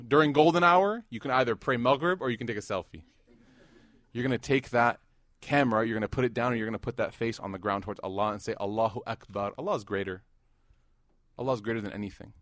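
A man in his thirties giving a sermon, mixing laughing stories with hushed, earnest reflection. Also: medium pitch, no echo, studio quality. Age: 30s. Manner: animated, jokes and rises loud in anecdotes, hushed and earnest in devotion. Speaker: Muslim preacher. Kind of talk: sermon with storytelling.

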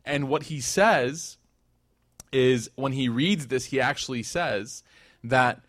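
A man's voice: mid-range voice, slow pace, fairly bright tone, dry recording, studio quality. A man teaching a religious class in a casual, conversational way, full of fillers, who acts out the quotes as he retells the story. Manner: conversational, with many fillers and restarts.

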